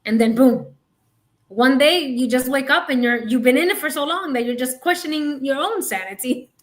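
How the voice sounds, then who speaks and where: Woman, podcast co-host, very high voice, frank, emphatic, casual chat. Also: normal speed. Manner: frank, emphatic, laughs often.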